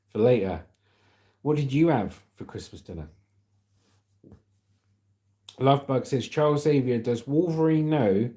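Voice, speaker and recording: This man from Britain hosts an informal livestream, reading viewer comments and chatting cheerfully while calling people "mate" and "legend." His voice is medium in pitch and mellow.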